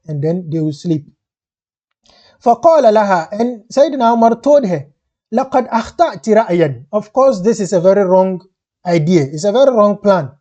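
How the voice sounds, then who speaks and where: A man teaching a lesson, reading each line of a classical text quickly and then explaining it slowly and patiently in English, with many restarts. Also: sits high, mellow. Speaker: Arabic teacher.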